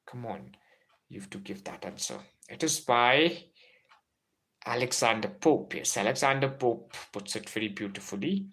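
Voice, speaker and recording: A man's voice: mid-range voice, expressive, normal speed, fairly bright tone. A man with an Indian English accent teaching a live-streamed exam-prep literature lesson, enthusiastic and exclaiming as he quizzes his viewers.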